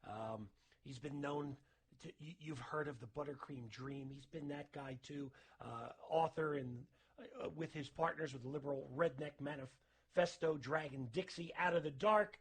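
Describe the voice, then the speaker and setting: A man's voice: on the high side, moderate pace, slightly rough. A man hosting a radio show, chatting and ribbing an old friend with plenty of laughter. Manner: laughing, chummy, ribbing his guest. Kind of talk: casual radio interview.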